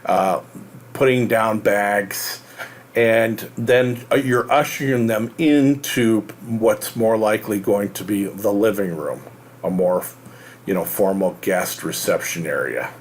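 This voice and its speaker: American male host, low voice, halting and rambling explainer with faint room hum behind. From United States. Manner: rambling, halting, many fillers and restarts. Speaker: real estate show host. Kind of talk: casual explanatory monologue.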